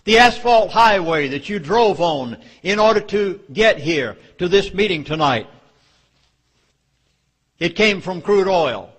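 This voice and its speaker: A man's voice: sits high, animated, takes it slowly, a bit bright. A man with a Southern US accent giving an emphatic speech to a live audience, with dramatic warnings. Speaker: public speaker.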